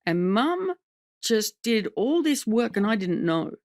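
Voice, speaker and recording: She's an Australian comic guesting on an open podcast chat, telling animated stories and regularly imitating other people. Her voice is on the high side and a little slow, with dry, studio-quality sound.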